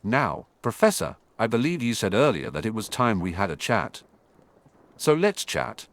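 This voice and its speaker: A man's voice: lowish voice, big pitch swings, moderate pace, dry recording. A man voicing a defiant, cheeky boy wizard who mocks his enemy. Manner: mocking, defiant.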